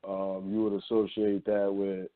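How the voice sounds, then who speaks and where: A man co-hosting a talk radio show, speaking in a measured, reflective way. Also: sits low, monotone. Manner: measured, reflective, many fillers. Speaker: radio co-host. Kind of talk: casual talk radio chat. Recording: tinny phone-line audio.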